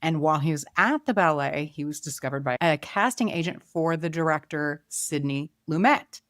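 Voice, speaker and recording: A woman hosting a film podcast in a chatty, wandering way, voice a touch low. She muses aloud, trails off and picks her thoughts back up. The sound is close and dry. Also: normal speed, dry recording. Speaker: podcast host. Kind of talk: casual film review chat.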